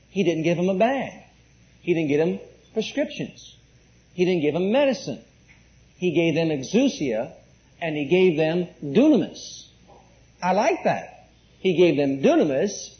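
A man preaching an emphatic sermon, asking the congregation questions and repeating key words. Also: high voice. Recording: muffled lo-fi recording.

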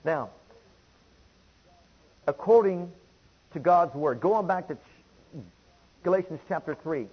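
A man's voice: a little high, lively intonation, slow pace, pauses often, slightly rough, highs cut off. A man preaching a sermon, driving home points by repeating phrases and reading scripture aloud.

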